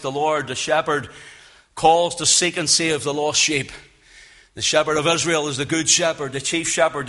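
Loud impassioned preacher. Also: male voice. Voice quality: loud, carrying voice. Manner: impassioned, rising to loud emphatic peaks then dropping low. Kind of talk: sermon. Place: church with speakers.

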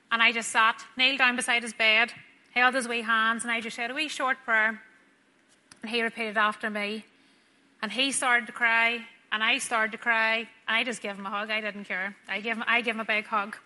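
A Northern Irish woman shares a personal faith testimony in a slightly high voice, flat in delivery and sharp in tone, at a moderate pace. Chatty and heartfelt, she acts out the dialogue as she goes and says "wee" a lot, all under a long hall reverb.

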